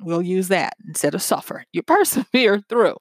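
A woman's voice: on the low side, expressive, moderate pace, no echo. A woman giving an earnest, conversational motivational talk built on everyday examples.

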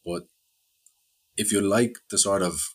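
A young man with an Irish accent talks in a laid-back, wry way. His voice is very deep and a little husky. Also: measured pace. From Ireland. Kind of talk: casual chat.

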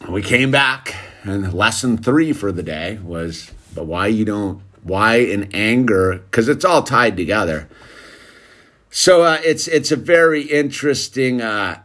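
A man's voice: lowish voice, a bit bright. A man casually telling a story about his son to camera, rambling and peppering it with "dude" and "like". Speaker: father telling a family story.

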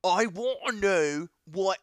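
Guy putting on a cheesy fake accent, pushy dude, bright clear voice. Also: high-pitched, lively intonation, takes it slowly, no echo, studio quality, exaggerated voice. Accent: put-on, unconvincing accent.

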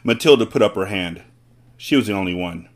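A man's voice: lowish voice, expressive, brisk. A man hosting a podcast, reading a children's book aloud with casual asides to listeners. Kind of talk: storybook read-aloud.

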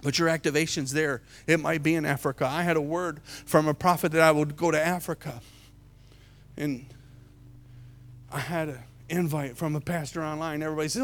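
A middle-aged man preaching a sermon as an evangelist, telling a story with lots of repeated words, jumping from loud to hushed. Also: fairly high pitch, steady tone, a little fast. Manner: repeats words and restarts often.

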